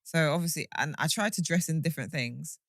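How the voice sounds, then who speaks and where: A woman's voice: deep voice, a little fast, a bit bright, no room sound, studio quality. Rambling young woman, podcast chat. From England. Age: young adult. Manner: rambling, self-correcting storyteller. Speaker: podcast co-host. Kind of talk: casual chat.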